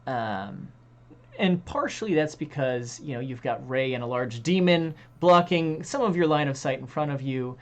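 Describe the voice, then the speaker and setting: Low-voiced woman running a tabletop game. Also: animated, moderate pace. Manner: hesitant, many ums and uhs. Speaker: dungeon master.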